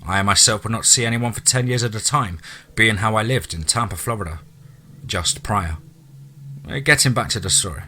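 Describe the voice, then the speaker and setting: A man narrating a listener's true ghost story in a dramatic storytelling manner, dropping into low asides. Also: normal speed, sharp tone, a little hiss or hum.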